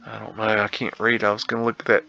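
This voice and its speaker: A man's voice: fairly low pitch, monotone, fast talker, gravelly, pushed and bright. A man hosting a casual photo-tour commentary, rambling and musing with slangy asides. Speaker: host. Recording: dull lo-fi sound with faint guitar music.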